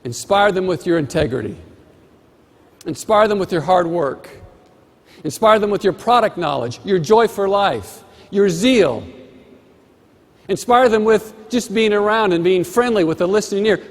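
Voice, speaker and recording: In a large conference hall, a motivational speaker with a high-pitched, expressive voice gives a keynote at a moderate pace. Using a stage microphone, he repeats phrases emphatically and rhythmically, with long reverb from the hall.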